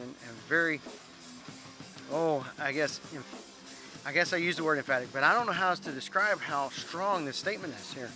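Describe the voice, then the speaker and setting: A man teaching an informal Bible word study, earnest, reading scripture aloud and stumbling over Greek words. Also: a little high.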